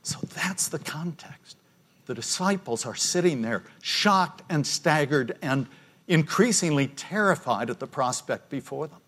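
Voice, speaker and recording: An older man preaching a sermon, retelling a scene with quiet intensity and dropping to a hush at key moments. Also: on the high side, expressive, a little slow. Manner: storytelling, voicing the disciples with quiet intensity.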